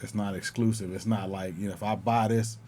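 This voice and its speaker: A male podcast co-host in casual chat, talking in a rambling, halting way and swearing casually. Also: on the low side, fairly even intonation, mellow, a little hiss or hum.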